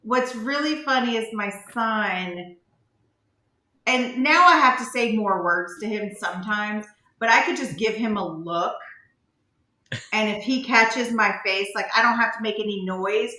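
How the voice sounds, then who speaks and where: A woman's voice: medium pitch, unhurried, sharp tone. A woman co-hosting a podcast, telling stories in a matter-of-fact, dry way. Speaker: podcast co-host. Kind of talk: casual chat. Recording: echoey room.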